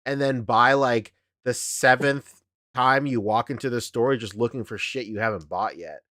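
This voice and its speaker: A man's voice: medium pitch, normal speed, a bit bright, no room sound, clean studio sound. A man co-hosting a podcast in casual chat, joking, swearing and laughing often.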